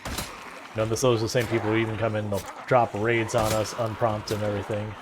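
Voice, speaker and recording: A man's voice: fairly low pitch, little pitch movement, a little fast, noisy background. Rambling streamer man, sarcastic. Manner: rambling, self-deprecating and sarcastic. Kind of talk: casual gameplay chat.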